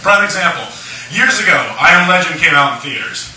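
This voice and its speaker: Performing stand-up in a lounge bar, a tipsy young comedian rambles through crude shock humor in a sharp, animated, rather high voice, talking a little fast. The echoey recording is taken from a distant mic, with slight background noise.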